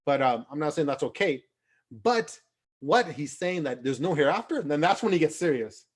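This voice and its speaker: Animated guy teaching kids online, pretty high voice, video call sound, keeps quizzing the class. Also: normal speed, slightly rough. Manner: lively, asks the class questions, acts out quotes. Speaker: Islamic teacher. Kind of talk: online youth class lecture.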